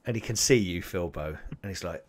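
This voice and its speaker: A man's voice: low voice, brisk. A man running a tabletop game as game master, narrating in a loose, rambling way with plenty of fillers.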